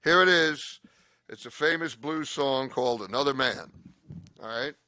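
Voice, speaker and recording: A man's voice: mid-range voice, normal speed, pushed and bright, no echo. Rambling, profane stand-up comic, older man. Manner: rambling, profane, self-interrupting. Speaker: stand-up comedian. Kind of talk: stand-up comedy set.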